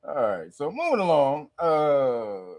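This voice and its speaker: A man's voice: fairly high pitch, wildly swooping pitch, takes it slowly, darkish tone. A man hosting a casual reaction commentary, sarcastic and loose, often laughing between remarks. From Los Angeles. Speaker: commentary channel host.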